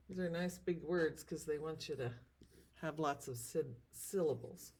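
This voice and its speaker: A woman teacher giving a recorded lesson, sounding out words slowly and carefully. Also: deep voice, darkish tone, slight background noise. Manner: slow, drawn-out word sounding.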